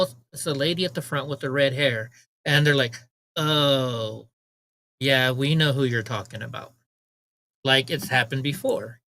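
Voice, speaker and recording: A man's voice: a little high, a bit bright, low-quality recording. A man hosting a livestream, telling a long story in casual chat, rambling and repeating words as he acts out what others said. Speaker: livestream host.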